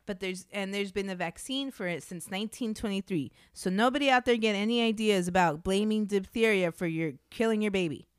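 A woman's voice: medium pitch, fairly quick, hardly any pauses, clear, resonant tone, dry recording, studio quality. A woman co-hosting a podcast, narrating a true-crime case in a blunt, matter-of-fact way between casual chat.

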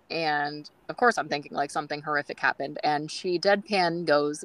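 A woman's voice: deep voice, moderate pace, a bit bright, no room sound, low-quality recording. A woman guest on a groomers' podcast, telling stories in a chatty way with many fillers and acting out quoted dialogue. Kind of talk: casual storytelling interview.

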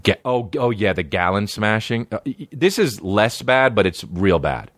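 A man's voice: fairly low pitch, expressive, moderate pace, fairly bright tone, no echo. Rambling, profane male comedian, dry mic. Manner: rambling, profane, acts out silly voices. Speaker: comedian podcast host. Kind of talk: casual comedic monologue.

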